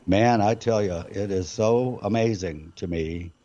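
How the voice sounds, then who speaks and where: An older man as a musician guest, telling a long, rambling story with many halting fillers. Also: fairly low pitch, mellow. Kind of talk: casual storytelling interview. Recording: dull, muffled lo-fi sound.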